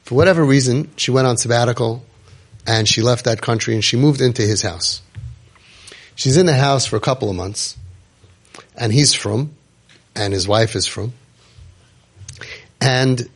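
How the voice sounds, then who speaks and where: A middle-aged man hosts a podcast and tells a story in vivid detail, acting out the voices of the people in it. His voice is gravelly with a husky, rough edge. His pitch sits in the ordinary middle range for a man. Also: a little slow, long pauses. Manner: vivid retelling that acts out other people's words. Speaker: podcast host and parenting guide.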